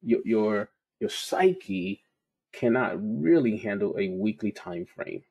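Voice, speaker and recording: Husky-voiced man teaching trading. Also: fairly low pitch, lively intonation, takes it slowly, mellow. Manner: conversational, storytelling, repeats key points. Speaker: trading educator. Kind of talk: casual teaching monologue.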